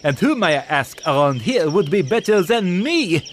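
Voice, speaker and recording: A man's voice: sits high, sing-song, moderate pace, a little hiss or hum, voice pushed up. Man playing a snooty, pompous pelican. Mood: scornful. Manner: haughty, scornful.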